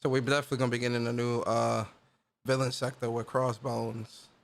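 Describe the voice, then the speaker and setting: A man hosting a gaming channel, reacting in casual, slangy commentary and often repeating himself in excitement. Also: medium pitch, brisk, creaky.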